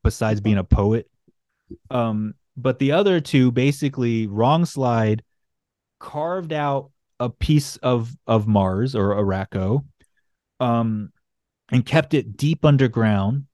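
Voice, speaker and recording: A man's voice: mid-range voice, slow, dark tone, no echo, clean studio sound. A man casually recapping a comic book on a podcast, rambling and swearing as he jokes through the story. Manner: rambling, profane, jokey storytelling. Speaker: podcast host.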